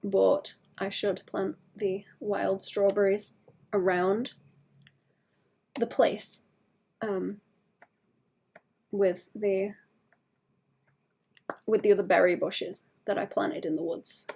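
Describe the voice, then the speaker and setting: A woman streaming as she draws, chatting to her viewers in a soft, rambling way with frequent fillers and light laughs. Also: medium pitch, fairly even intonation, slow, gravelly, pauses often, slight background noise. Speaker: art streamer. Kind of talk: casual chat while drawing.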